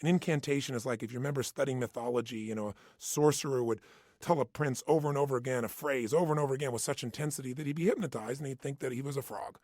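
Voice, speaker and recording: A man's voice: medium pitch, fast, darkish tone, dry recording, clean studio sound. A man giving an intense, emphatic motivational talk, hammering points with punchy repetition. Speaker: motivational speaker. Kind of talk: motivational self-help talk.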